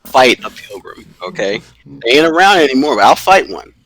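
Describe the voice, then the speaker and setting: A man's voice: medium pitch, sing-song, normal speed, a bit bright, poor audio. A man co-hosting a podcast, chatting casually and ranting with profanity and emphasis. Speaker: podcast co-host. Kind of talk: casual chat.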